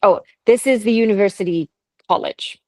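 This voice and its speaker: A woman's voice: medium pitch, moderate pace, warm tone, no room sound, poor audio. A Canadian woman co-hosting a podcast, telling ghost stories in a casual, chatty way with laughs and asides. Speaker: podcast co-host. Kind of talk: casual chat, storytelling.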